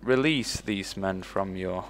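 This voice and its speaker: A man commenting casually on his own strategy game playthrough, swearing freely, bursting out with "boom" and ordering his in-game troops around. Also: slow. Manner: excitable, swears casually, shouts "boom" when giving orders; talks to in-game units as if they were his troops. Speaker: let's play host.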